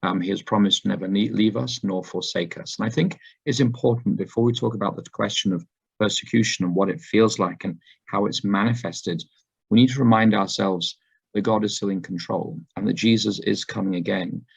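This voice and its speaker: Hoarse man with a gravelly voice. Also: fairly low pitch. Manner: unhurried, with frequent ums and uhs. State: hoarse, recovering from laryngitis. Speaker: guest speaker. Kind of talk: sermon talk to a congregation. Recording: dull lo-fi recording.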